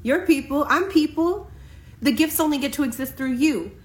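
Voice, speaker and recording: A woman with a slightly high voice delivers a spiritual tarot reading to a general audience. She speaks with passion and emphasis, and she leans on slow, deliberate pauses to drive each point home. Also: animated, echoey room, poor audio. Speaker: tarot reader.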